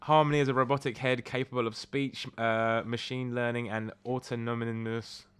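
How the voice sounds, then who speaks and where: A man's voice: mid-range voice, level tone, normal speed, clean tone. A young man co-hosting a podcast, reading out strange news stories, stumbling over words and breaking into laughter. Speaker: podcast co-host.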